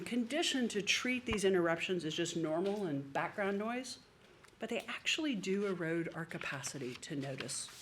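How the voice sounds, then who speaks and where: A woman's voice: fairly low pitch, a little hiss or hum. A woman priest giving a sermon in a conversational way, with the odd filler word. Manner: conversational preaching with occasional fillers.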